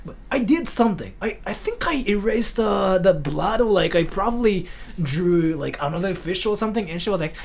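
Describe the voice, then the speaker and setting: Lively gravelly-voiced young man. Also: high voice, fairly quick, a little hiss or hum. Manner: rambling, animated, many "like" fillers. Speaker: livestream host. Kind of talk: casual storytelling chat.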